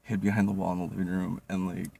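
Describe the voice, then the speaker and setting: A man's voice: low voice, flat delivery, quick pace, creaky, warm tone. A young man telling comedic stories casually, rambling with constant fillers, swearing and laughing. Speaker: vlogger. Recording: distant mic, faint noise.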